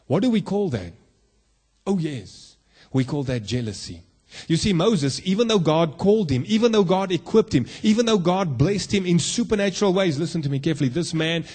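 A man's voice: on the high side, darkish tone, slightly rough. A man preaching a sermon, emphatic and full of rhetorical questions to the congregation, from South Africa.

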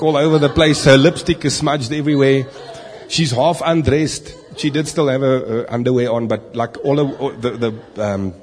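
A man preaching in a church, his voice somewhat husky and of middle pitch. He tells a story animatedly, re-enacting the dialogue and leaning into slow, emphatic words. The sound rings with the long reverb of a large hall. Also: a little mellow. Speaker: pastor. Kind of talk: sermon storytelling.

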